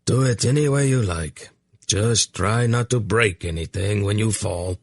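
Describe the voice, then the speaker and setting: A man voicing a gruff, husky warrior. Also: fairly low pitch, a little slow, no echo, clean studio sound. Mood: dry. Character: stern hawk-faced male warrior, horse trainer. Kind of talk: audiobook narration.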